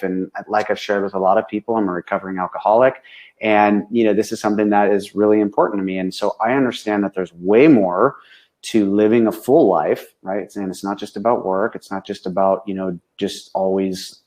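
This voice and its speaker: A man's voice: fairly low pitch, steady tone, a little fast, darkish tone. A man, a business coach, speaking frankly and with animation in casual conversation, tagging nearly every sentence with a questioning "right?".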